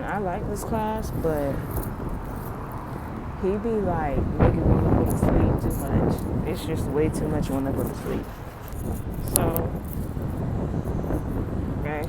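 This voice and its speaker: A young woman, a college student, chats playfully with her viewers in a casual vlog, talking to the camera on a handheld phone. She has a low voice, and the audio is very noisy as she films outdoors on a windy day and then in a car.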